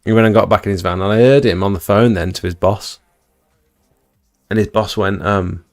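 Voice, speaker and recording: A man's voice: fairly low pitch, normal speed, creaky. A man, hosting a livestream and telling a rambling, chatty story to his viewers at home. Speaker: livestream host. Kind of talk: casual storytelling to a live chat. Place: indoors at home.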